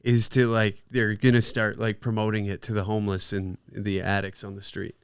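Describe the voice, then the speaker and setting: Crisp-voiced joking man. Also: fairly low pitch, flat delivery, normal speed, a bit bright, no room sound. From Canada. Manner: crude, joking, swears often. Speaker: comedian guest. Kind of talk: casual podcast banter.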